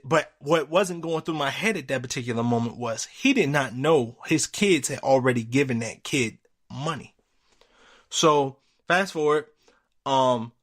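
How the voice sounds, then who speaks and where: Animated man telling a story. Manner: animated, acts out quotes with jumps in pitch, swears freely. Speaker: podcast host. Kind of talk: casual storytelling monologue.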